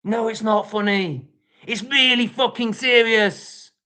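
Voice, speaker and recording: An English vlogger with an English accent rants angrily and profanely at the critics in his reaction video. His voice is high-pitched, bright, and forceful, and he speaks slowly.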